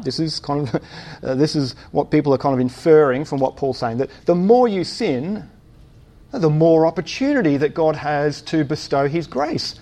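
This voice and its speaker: Preacher, male, a touch high-pitched, halting delivery full of fillers, rhetorical questions to the congregation. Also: mellow. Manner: thinks aloud with many fillers and restarts, asks rhetorical questions. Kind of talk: sermon.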